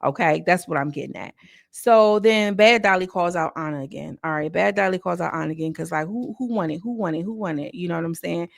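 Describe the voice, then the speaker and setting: A woman recapping a reality show in casual, slangy commentary, breaking into quick mocking impressions of the cast. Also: lowish voice, vocal fry, no echo, clean studio sound. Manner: chatty, slangy, quotes cast members in mocking voices.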